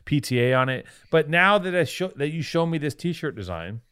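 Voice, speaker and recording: Excitable profane male podcast co-host. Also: fairly high pitch, moderate pace, a little hiss or hum. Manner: excitable, profane, laughs often. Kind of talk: casual chat.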